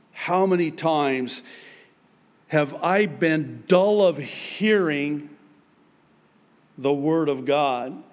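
A man preaching a sermon as pastor, with emphatic, raised high-pitched points broken by quiet, joking asides. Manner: humorous, self-deprecating asides.

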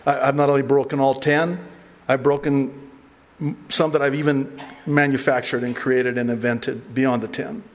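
A middle-aged male pastor giving a conversational, animated sermon with asides and laughter. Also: mid-range voice, normal speed, long reverb tail. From raised by an Arab mother.

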